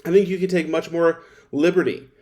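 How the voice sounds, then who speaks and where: A man's voice: on the high side, steady tone, a little fast, darkish tone. A man giving methodical spoken feedback on a violin performance, sometimes singing phrases to show them. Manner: methodical, directive, sings phrases to demonstrate. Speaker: violin teacher. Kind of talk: recorded lesson feedback.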